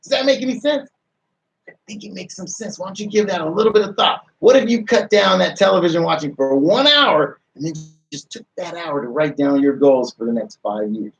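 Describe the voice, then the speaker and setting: A man's voice: high-pitched, expressive, fairly quick, vocal fry, recorded from a distance, highs cut off. A man hosting a motivational radio show, firing off rhetorical questions and repeating phrases as he restarts sentences.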